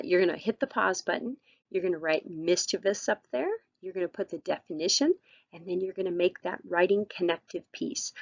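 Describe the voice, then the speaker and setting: A woman's voice: fairly low pitch, dry recording, dull audio. A woman teacher giving a recorded vocabulary lesson, patient and encouraging, with frequent ums and all-rights.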